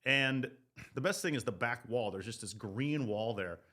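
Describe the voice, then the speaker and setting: A man hosting a sports podcast, ranting comedically with loud, profane riffs. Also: mid-range voice, moderate pace. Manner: loud, profane, animated riffing. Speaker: podcast host.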